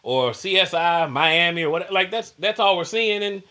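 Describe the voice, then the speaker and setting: Bright-voiced animated man chatting. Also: high-pitched, normal speed. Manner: animated, acts out quoted voices, laughs often. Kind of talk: casual chat.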